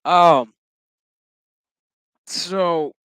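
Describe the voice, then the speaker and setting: A man's voice: high voice, drawn-out words, fairly bright tone, smooth, no room sound, rough recording. A man giving a rambling, profane and jokey casual recap of a TV episode. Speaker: show reviewer.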